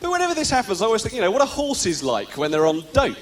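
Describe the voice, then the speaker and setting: A man's voice: high voice, wildly swooping pitch, fast, few pauses, echoey room, a little hiss or hum. A man doing live stand-up in a theatre, teasing the crowd in a sardonic way. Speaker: stand-up comedian. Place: theatre stage. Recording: live theatre recording with loud audience.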